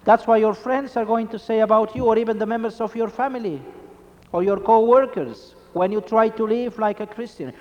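A man's voice: high-pitched, brisk, long reverb tail, muffled recording. A man preaching a Catholic sermon, emphatic and full of rhetorical questions.

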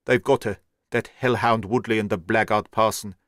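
A man's voice: lowish voice, steady tone, normal speed, no echo, studio quality, natural voice. A man doing a frantic, hot-tempered cyclist. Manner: shouting, frantic. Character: desperate bearded male cyclist, hot-tempered.

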